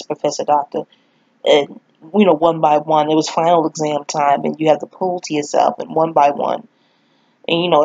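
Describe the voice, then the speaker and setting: New woman, husky, chatty and profane storyteller, dry lo-fi audio. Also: low voice, darkish tone, no echo. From New York. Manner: candid, profane, rambling storyteller who laughs often. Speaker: astrology vlogger. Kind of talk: casual spoken monologue. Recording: dull lo-fi audio.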